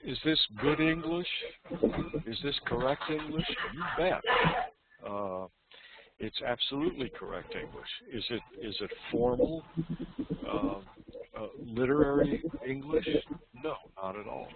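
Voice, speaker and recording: A man's voice: medium pitch, big pitch swings, a little slow, vocal fry. A man teaching an online English lesson, explaining at length and often repeating his phrases. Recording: tinny phone-like line with loud noise.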